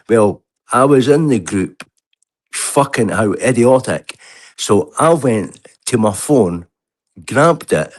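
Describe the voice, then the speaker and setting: A man on a video call, telling an angry, heated and sweary story with lots of restarts. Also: sits low. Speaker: livestream guest. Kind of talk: heated casual rant.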